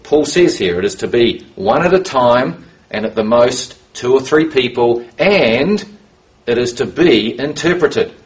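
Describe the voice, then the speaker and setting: A man preaching a sermon, reading scripture aloud and stressing key words as he slows for emphasis. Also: medium pitch, expressive, poor audio.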